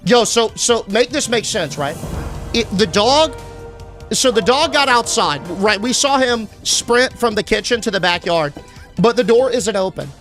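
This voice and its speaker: A young man streaming a game live, chatting casually and answering his chat with shout-outs. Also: sits high, expressive, measured pace, faint music behind.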